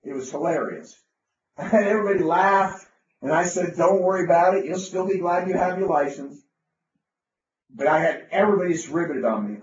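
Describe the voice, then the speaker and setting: A man's voice: a little high, expressive, moderate pace, a little hiss or hum. A man telling an enthusiastic, rambling business story, with frequent restarts. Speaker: business speaker. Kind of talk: anecdotal storytelling talk. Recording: roomy, distant, dull lo-fi sound.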